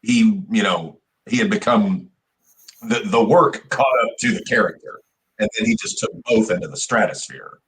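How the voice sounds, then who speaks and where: A man co-hosting a wrestling podcast, talking casually in halting starts and repeated words. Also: fairly low pitch, very animated, fairly bright tone. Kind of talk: casual chat.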